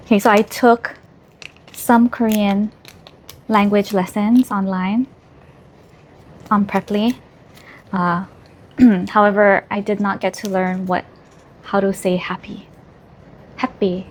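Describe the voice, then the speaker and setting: A woman's voice: mid-range voice, fairly even intonation, slow pace, long pauses. A woman filming an unboxing vlog, gushing, gasping and squealing with delight. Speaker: vlogger.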